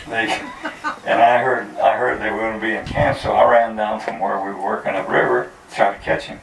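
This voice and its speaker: A lowish, gravelly man spins a folksy tall tale to a crowd, chuckling and throwing himself into the quoted voices. He is picked up from a distance in an echoey space with faint noise behind him. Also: a bit bright. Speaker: storyteller at a community program. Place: community gathering at a ranch.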